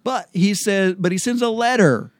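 Relaxed man explaining scripture, dry mic. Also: high voice, moderate pace, no echo. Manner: relaxed, explanatory, with frequent ums and restarts. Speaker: Bible study host. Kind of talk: casual Bible study chat.

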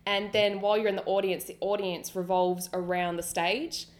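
An Australian woman telling a travel story on a podcast, eager and chatty. Her voice sits at an ordinary middle pitch for a woman, and she talks casually with a co-host. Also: level tone, moderate pace. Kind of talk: casual chat.

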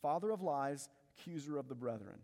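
A man's voice: medium pitch, lively intonation, brisk, darkish tone. A man preaching a sermon as pastor, emphatic, repeating key phrases and asking the congregation rhetorical questions. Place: church sanctuary. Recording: long reverb of a large hall.

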